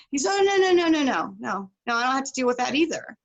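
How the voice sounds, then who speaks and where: Fast and with few pauses, a middle-aged woman's high-sitting voice carries a casual story she's telling as a podcast guest. She animatedly acts out the people she quotes.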